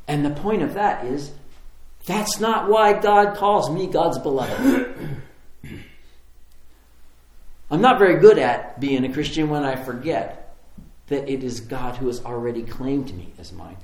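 A man who is a pastor, preaching a sermon in an animated, conversational storytelling way with repeated phrases. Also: a little high, a little slow, long pauses, echoey room.

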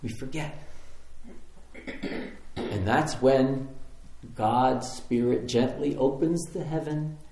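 A man who is a pastor, preaching a sermon in an animated, conversational storytelling way with repeated phrases. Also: mid-range voice, slow pace, pauses often, roomy sound.

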